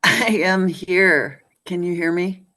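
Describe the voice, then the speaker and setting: Woman organizer on a video call, slow and unhurried, bright and tense in tone, brief, encouraging. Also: on the low side.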